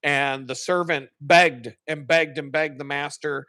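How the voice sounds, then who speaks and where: A man's voice: fairly high pitch, fairly even intonation, measured pace, pushed and bright, no echo. A man hosting a live stream, casually retelling a sermon in a rambling, profane way and correcting himself as he goes.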